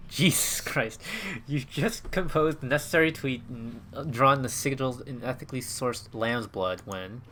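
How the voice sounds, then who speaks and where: A man casually playing a video game with a friend, reading game text aloud in a relaxed, amused way. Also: mid-range voice, moderate pace, few pauses, a little hiss or hum. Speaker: game streamer.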